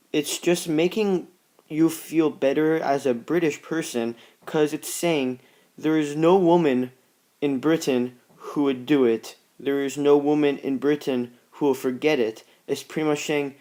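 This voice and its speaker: A teenage student giving a class presentation on posters, talking in a halting, plain way and often falling back on "pretty much" and "just.". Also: male voice, on the high side, a little mellow. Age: teens.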